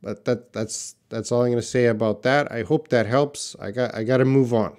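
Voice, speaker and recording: A man's voice: medium pitch, steady tone, a little mellow. A man teaching English in a live online question-and-answer class, patiently reading out viewers' questions and answering them. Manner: slow, patient, reads viewer questions aloud.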